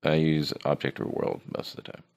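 Deep gravelly man teaching casually. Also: expressive, a little fast, darkish tone. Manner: joking, teasing his students. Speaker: 3D art teacher. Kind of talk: casual screen-recorded tutorial.

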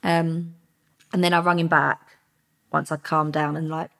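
A woman's voice: deep voice, little pitch movement, a little slow, gravelly, fairly bright tone. A woman, a former undercover police officer, recounting her work bluntly and candidly in an interview. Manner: blunt, candid retelling with frank language. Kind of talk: interview storytelling.

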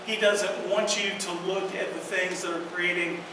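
A woman pastor preaching a sermon in a church, earnest and emphatic, with slow dramatic pauses. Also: fairly low pitch, steady tone. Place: church sanctuary. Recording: echoey hall from far off, noisy.

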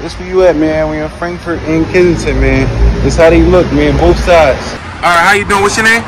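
A man's voice: fairly high pitch, brisk. A man interviewing people on the street for his vlog, earnest and emotional, often repeating himself. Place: outdoors on a city street. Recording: street traffic noise outdoors.

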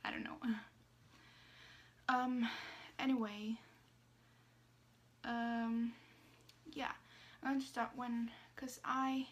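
Hesitant young woman, flat higher voice. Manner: hesitant, many fillers and restarts, soft asides. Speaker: vlogger. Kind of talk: casual personal storytelling.

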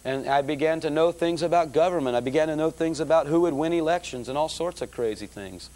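A middle-aged man preaching, telling his conversion story in a lively storytelling manner and calling the audience folks. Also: fairly high pitch, fast. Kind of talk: testimony sermon.

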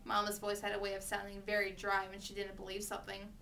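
Bright-voiced woman reading a storybook. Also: mid-range voice, completely flat delivery, fast, hardly any pauses, far from the mic, slight background noise. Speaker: reader.

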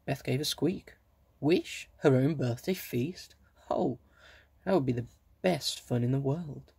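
A man reading a children's book aloud, gently, with small asides to his listeners. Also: medium pitch, slow pace, gravelly, breathy edge, no echo. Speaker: reader.

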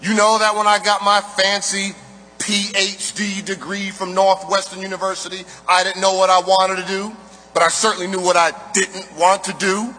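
A man's voice: high-pitched, little pitch movement, normal speed, sharp tone. A man giving a live motivational speech in rhythmic, emphatic oratory, building on a repeated refrain. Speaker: motivational speaker. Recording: reverberant hall, faint music.

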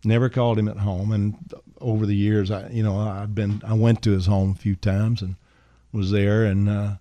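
A man's voice: fairly low pitch, flat delivery, moderate pace, dark tone, dry recording. An older man, a songwriter, telling a rambling anecdote on a radio show in an easygoing way, full of fillers and "man". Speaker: songwriter and guest. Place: radio studio.

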